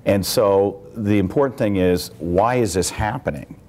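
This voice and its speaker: A middle-aged congressman from small-town Iowa, speaking to a campus audience in a measured, explanatory way. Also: on the low side, a little mellow. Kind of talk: public speaking at a campus event.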